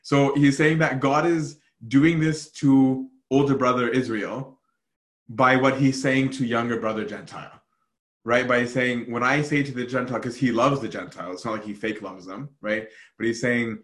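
A male priest leads a scripture study, talking casually and animatedly with frequent restarts. His voice sits at an ordinary middle pitch. The room around him is noticeably echoey. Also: moderate pace. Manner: animated, conversational, with many fillers and restarts.

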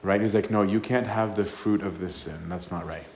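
A male priest delivers a casual, conversational talk in a lowish voice, checking in with "right?" and voicing the people in his stories. The room is echoey, with a faint hum of ambience behind him. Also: moderate pace, creaky, a little mellow. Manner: conversational, keeps asking "right?", acts out quotes. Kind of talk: informal sermon talk.

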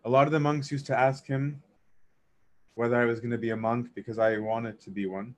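Man, storyteller, casual spoken recollection, animated, mid-pitched voice. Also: a little fast. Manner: animated, reenacts dialogue, laughs while telling. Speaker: storyteller recounting memories of a monk.

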